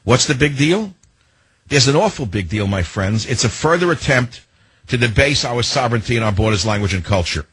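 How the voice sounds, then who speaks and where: A man's voice: medium pitch, lively intonation, brisk, a bit bright, husky, dry recording, rough recording. A man hosting a talk radio show, ranting in an opinionated monologue full of emphatic rhetorical questions, into a studio microphone.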